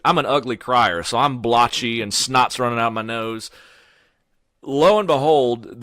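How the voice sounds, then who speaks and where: A middle-aged man, a podcast guest telling his story in a casual, animated way, full of "you know" and "man". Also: mid-range voice, dry recording.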